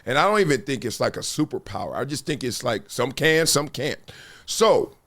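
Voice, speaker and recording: A middle-aged man hosting a talk show, telling stories in a slangy, animated way and acting out quotes. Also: medium pitch, moderate pace. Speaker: podcast host. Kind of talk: casual talk-show commentary.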